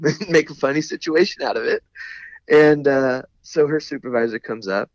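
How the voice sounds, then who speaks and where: A man's voice: mid-range voice, no echo. A man, a veteran podcast guest, telling a story in a rambling, casual way, with lots of "you know" and some laughs. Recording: dull, dry lo-fi recording.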